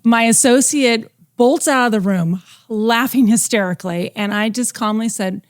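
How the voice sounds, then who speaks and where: A woman's voice: a little high, moderate pace, few pauses, dry recording, clean studio sound. A woman teacher co-hosting a podcast, telling classroom stories expressively and acting out the quotes. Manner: expressive storyteller, acts out quotes. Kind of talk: casual podcast chat.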